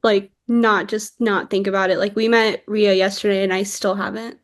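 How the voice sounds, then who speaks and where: A young woman hosting a casual chat, eager and quick to laugh along with her guest. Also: mid-range voice, level tone.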